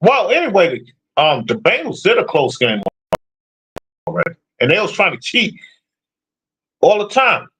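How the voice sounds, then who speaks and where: A man's voice: sits high, huge pitch swings, unhurried, pauses often, fairly bright tone, slight background noise. A man ranting casually about football predictions, blunt and profane as he answers his chat. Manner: profane, blunt, trash-talking. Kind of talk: casual sports rant.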